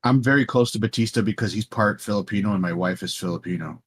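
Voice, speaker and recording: A man co-hosting a casual movie podcast, asking quick and lively questions. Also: on the low side, husky, no room sound. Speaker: podcast co-host.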